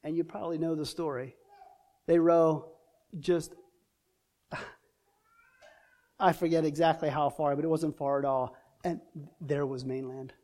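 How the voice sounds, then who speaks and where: A man's voice: on the high side, fairly even intonation, slow pace, long pauses, dark tone. A man preaching a sermon in an impassioned way, building through repeated rhetorical questions.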